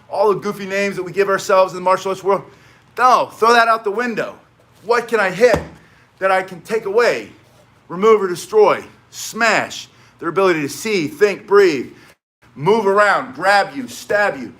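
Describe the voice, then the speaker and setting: Bright, emphatic male self-defense instructor. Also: high voice. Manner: emphatic, repeats short punchy phrases, drifts into asides. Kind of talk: live-streamed training talk, chatting with viewers.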